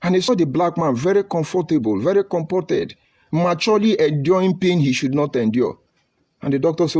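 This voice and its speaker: A man delivers an impassioned political speech in a preaching, rhetorical style, stacking up emphatic lists. His voice sits somewhat high for a man, with a husky grain. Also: animated, fairly quick, darkish tone. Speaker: political speaker.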